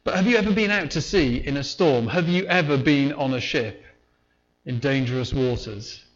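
A man's voice: medium pitch, moderate pace, lo-fi sound. A man preaching a sermon in a conversational way, sometimes acting out the voices of the people in the story. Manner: conversational, acts out voices in retelling.

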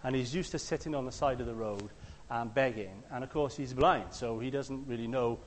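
A man preaching a conversational sermon. He tells stories and acts out the quotes, sometimes shouting them loudly. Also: medium pitch, a little fast, long reverb tail, a little hiss or hum.

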